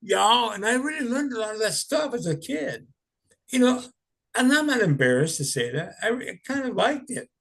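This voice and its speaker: An older man telling stories in a rambling, chuckling way, full of "you know"s. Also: fairly high pitch. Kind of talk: casual storytelling.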